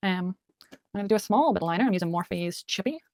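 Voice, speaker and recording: A woman's voice: on the low side, expressive, fast talker, darkish tone, no room sound. A woman chatting casually at home while doing her makeup, muttering little asides to herself as she works. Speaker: beauty vlogger. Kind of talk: chatty get-ready-with-me talk.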